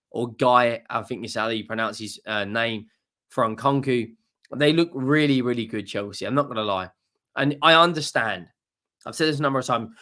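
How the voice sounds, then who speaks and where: A man's voice: medium pitch, fairly bright tone. A young man hosting a football channel, giving a casual, enthusiastic match reaction and often repeating words and restarting phrases.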